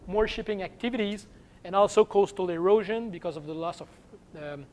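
A man with a French accent, French as his first language, giving an academic seminar lecture and pausing often to search for English words. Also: high voice, darkish tone. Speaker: guest seminar speaker.

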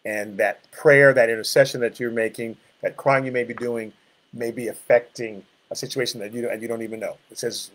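An older pastor in his sixties a man leads a relaxed Bible study at an average pitch. His talk is conversational and reflective, and it drifts into side remarks. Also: brisk. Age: 60s. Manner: conversational, reflective, rambling asides. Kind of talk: informal Bible study teaching.

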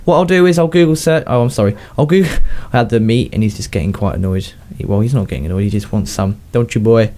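In a lowish, warm voice, a young man rattles off game commentary fast, with hardly any pauses, addressing his pets and laughing easily. The gaming YouTuber seems slightly unwell and coughs now and then.

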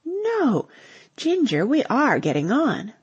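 An affectionate young wife who teases playfully, read by a woman. Her husky voice has a gravelly edge and bounces lively up and down. The sound is dry and close. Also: fairly high pitch, normal speed, no echo, highs cut off, voice pushed up, full character voice. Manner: playful, teasing.

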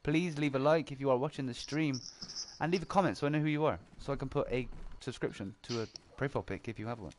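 Fast-talking streamer man. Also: medium pitch, a little hiss or hum. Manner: fast, excitable, swearing banter. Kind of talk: casual gaming chat with viewer shoutouts.

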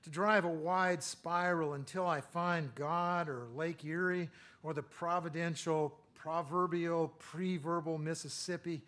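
A middle-aged man giving a lecture, reading his own poems in a measured rhythm and breaking off for hesitant asides full of fillers. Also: on the high side, steady tone, a bit bright. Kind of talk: poetry reading with spoken asides.

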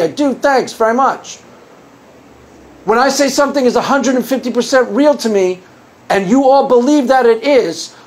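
On his own video, a Christian apologist with an extremely high voice makes his argument in a sarcastic, combative monologue to camera. He mocks the views of those he disagrees with and keeps repeating and restarting phrases.

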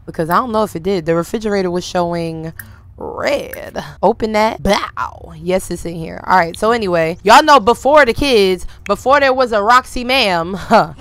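A woman streamer giving casual, animated, slangy commentary to her viewers while playing a life-simulation game. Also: medium pitch, normal speed. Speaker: gaming streamer.

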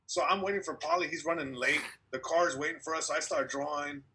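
A man's voice: fairly high pitch, brisk, pushed and bright, slight background noise. A young man and comedian guest telling a long story in casual podcast chat over a video call, acting out quotes and laughing along the way.

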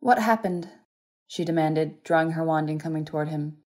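A woman narrating a fan fiction audiobook in a steady, even reading voice. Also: deep voice, a little fast.

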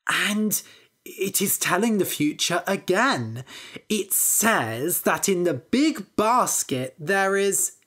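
A woman reading a storybook aloud, voicing a sly young male trickster with a smooth, scheming manner. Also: mid-range voice, lively intonation, slow, fairly bright tone.

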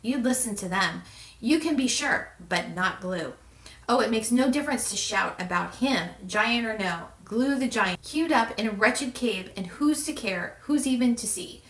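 A woman voicing a self-pitying male giant who moans and pleads loudly, in a roomy, distant recording. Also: fairly high pitch, animated, a little slow. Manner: loud, moaning and pleading. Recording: roomy echo, distant mic.

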